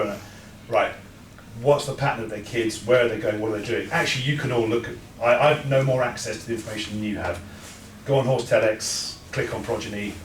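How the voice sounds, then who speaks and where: A man gives an informal talk to an audience, chatty and full of anecdotes, often stumbling over his words as he restarts sentences. His voice sits on the lower side. It is heard from a distance in an echoey room with noticeable background noise. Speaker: speaker at a breeders' talk.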